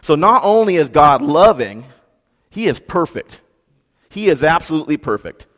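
A man's voice: on the high side, big pitch swings, moderate pace, fairly bright tone. Conversational male preacher in a reverberant hall. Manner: conversational preaching with frequent fillers, emphatic repetition. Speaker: pastor. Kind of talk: sermon.

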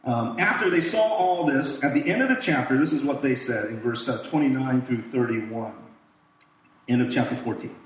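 A man's voice: medium pitch, normal speed. A man giving a casual sermon, reading scripture and retelling it in his own words to his listeners. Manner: casual, talks to listeners, acts out quoted voices. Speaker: pastor. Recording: echoey room, voice from far off.

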